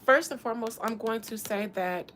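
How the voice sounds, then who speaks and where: A Florida woman with a highish voice at normal speed gives a loose, profane psychic reading over casual livestream chat, with a little hiss or hum in the audio. She's loud, laughing, and full of profane banter, broadcasting from a hot room in an old house.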